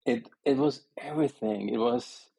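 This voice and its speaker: A man's voice: medium pitch, normal speed, creaky, mellow, slightly rough, no room sound, poor audio. A middle-aged man with an Austrian German accent, telling stories as a composer guest in an interview, with many restarts and fillers. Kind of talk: conversational interview.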